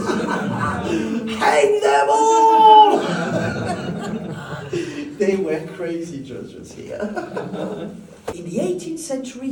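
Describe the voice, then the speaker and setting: A man's voice: fairly high pitch, dark tone, recorded from a distance, a little hiss or hum. A man leading a guided tour and telling its stories in a theatrical manner, chuckling often. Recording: echoey room from afar with faint ambience.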